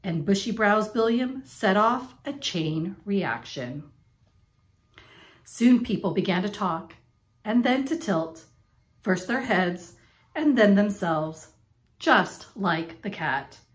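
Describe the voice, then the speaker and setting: A woman reading a children's picture book aloud in an expressive, playful storytelling manner. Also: mid-range voice, slow pace.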